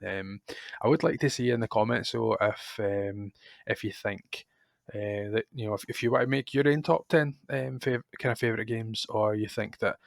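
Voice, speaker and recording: A man's voice: fairly low pitch, fairly even intonation, normal speed, vocal fry, no room sound, studio quality. A Scottish man co-hosting a podcast in casual chat, rambling with restarts and fillers. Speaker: podcast co-host.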